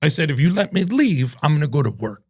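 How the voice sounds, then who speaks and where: A man, a chef being interviewed, telling profane, animated stories and acting out the voices of other people. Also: on the high side, quick pace, husky. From Cuban-American from New Jersey. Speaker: chef and entrepreneur, podcast guest. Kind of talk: casual storytelling interview.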